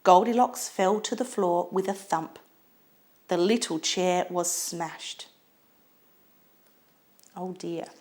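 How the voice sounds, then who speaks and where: A woman reading a children's storybook aloud in an expressive, lilting way. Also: on the low side, slow.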